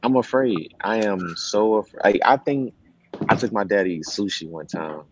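A man's voice: lowish voice, normal speed, noisy background. A man talking candidly and hesitantly in a casual discussion, with many restarts. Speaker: host.

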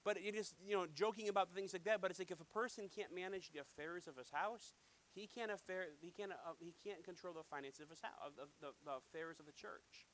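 A male pastor with a high, bright voice preaches with insistent emphasis. He circles back on phrases, repeating them as he tells stories from his own life. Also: brisk, slight background noise, rough recording. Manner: emphatic, repetitive, anecdotal storytelling. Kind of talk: sermon.

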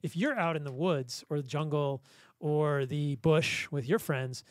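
A man's voice: a little high, a little slow, dry recording. A man guesting on a podcast as a physician, chatting casually and telling stories with frequent laughs. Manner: enthusiastic storyteller with frequent laughs.

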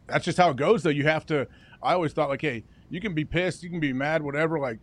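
This is a co-host on a sports talk show, a man whose voice sits a touch high. He was a football player, and he talks in an easygoing, plainspoken way. He laughs along often. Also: quick pace. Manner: easygoing, laughs along, gives steady opinions.

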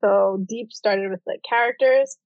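A woman's voice: medium pitch, a little slow, no room sound. A young adult woman, an author, telling her story casually in an interview, with lots of "like" fillers. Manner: chatty, heavy use of "like". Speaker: author guest. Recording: dull, dry audio.

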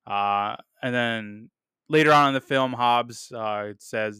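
A man's voice: medium pitch, unhurried, bright, forceful tone, smooth, dry recording, studio quality. A man talking through a film review on his podcast, upbeat and casual, with lots of fillers and repeated words. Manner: enthusiastic, many fillers, repeats "really, really"; laughs at quotes he reads.

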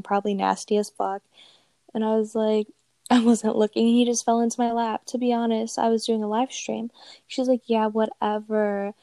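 A woman's voice: medium pitch, creaky, mellow, dry recording. A young woman casually telling a profane, amused story and reading out chat messages aloud. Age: young adult.

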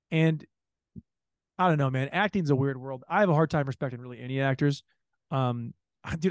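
A man's voice: medium pitch, darkish tone, no echo. A man co-hosting a podcast, chatting casually and animatedly about a movie, swearing and mimicking the people he talks about. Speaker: podcast co-host.

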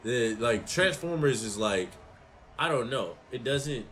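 A man's voice: mid-range voice, expressive, a little slow, crowd noise, low-quality recording. A young man co-hosting a stream, chatting casually in a slangy, profane way. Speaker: stream co-host. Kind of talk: casual chat.

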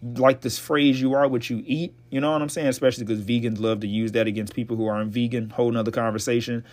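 A young man hosting his own podcast, giving blunt, profane relationship advice in casual commentary, his voice a little hoarse. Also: mid-range voice, fairly even intonation, fast, darkish tone. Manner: blunt, profane, preachy, laughs often. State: slightly hoarse voice. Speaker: podcast host.

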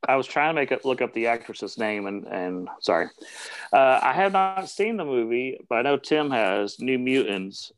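A man's voice: mid-range voice, lively intonation, normal speed. A man co-hosting a podcast, chatting casually with a hesitant, apologetic manner. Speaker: podcast co-host. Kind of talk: casual chat.

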